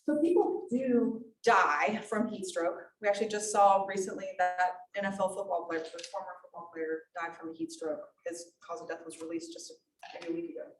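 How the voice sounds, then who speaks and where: A woman's voice: on the low side, moderate pace, music in the background. A woman giving a workplace safety presentation, talking conversationally and putting questions to the audience. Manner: conversational, asks the room questions. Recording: echoey room, mic at a distance, faint noise.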